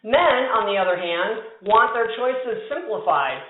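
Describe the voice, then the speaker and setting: A woman's voice: fairly high pitch, lively intonation, unhurried. A woman giving a conversational keynote talk to a conference audience, telling a story with emphatic asides. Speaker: conference speaker. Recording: tinny, echoey hall sound.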